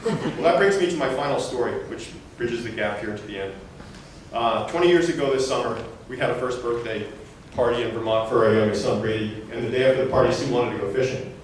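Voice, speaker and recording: A man's voice: mid-range voice, quick pace, a little hiss or hum. A middle-aged man giving a humorous memorial eulogy, telling chatty stories and laughing through them in a large hall. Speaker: eulogy speaker. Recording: echoey hall, voice from far off.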